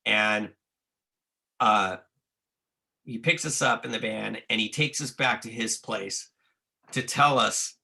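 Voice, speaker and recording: Gravelly male storyteller, bright edge, profane, acts out the quotes, podcast guest. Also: lowish voice, takes it slowly, long pauses. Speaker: guest telling a tour story. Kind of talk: casual storytelling.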